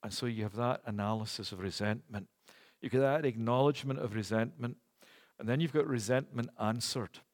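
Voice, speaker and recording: A man's voice: mid-range voice, fairly quick. Man preaching in an echoing hall. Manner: earnest, rhetorical questions, emphatic. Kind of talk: sermon.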